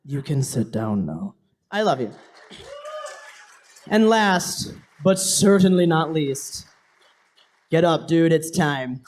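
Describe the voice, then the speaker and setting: Young male stage performer, emotional thank-you to family in the audience, earnest, sometimes hushed. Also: fairly high pitch, expressive, slow pace, long pauses, slight background noise. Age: young adult. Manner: heartfelt, voice dropping to a whisper at times, laughing between phrases.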